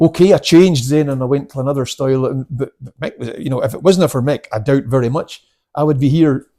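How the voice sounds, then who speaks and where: A man's voice: medium pitch, a little fast, mellow. A man in his seventies, a karate instructor, telling stories in a casual interview, chatty and laughing, with many restarts. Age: 70s.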